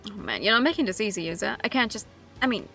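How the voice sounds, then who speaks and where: A woman's voice: mid-range voice, big pitch swings, fast talker, pushed and bright, faint music behind. A woman reading the lines of a blunt, skeptical young man who doubts his friend. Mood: doubtful.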